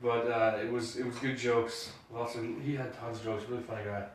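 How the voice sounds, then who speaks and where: A man's voice: medium pitch, fairly quick, slight background noise. A man co-hosting a podcast, telling stories in casual chat and acting out the quotes with gusto. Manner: animated storyteller, acts out quotes loudly. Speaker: podcast co-host. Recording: roomy echo, mic at a distance.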